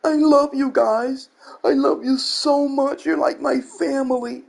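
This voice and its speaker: A man's voice: very high voice, fairly even intonation, unhurried, vocal fry, voice pushed up, exaggerated voice. A man putting on the voice of a gushing, fake-sweet male streamer. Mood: mock sweet. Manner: syrupy, overly affectionate.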